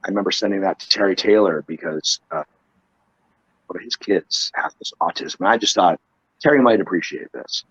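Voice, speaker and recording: A man's voice: low-pitched, brisk, fairly bright tone, husky, no echo, dull audio. A man, a wrestler and trainer, telling stories in a casual interview, rambling with frequent restarts and casual swearing.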